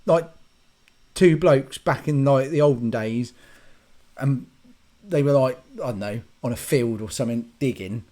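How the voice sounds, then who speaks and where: A man's voice: medium pitch, measured pace, long pauses, dark tone. A man, rambling through a sarcastic, casual comic rant to camera and swearing freely. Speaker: YouTube ranter and host.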